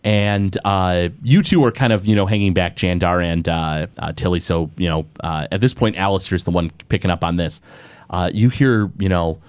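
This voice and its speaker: Man, game master, very low voice, dry close sound, casual rambling narration. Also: moderate pace, clear, resonant tone, no echo. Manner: relaxed, filler-heavy narration.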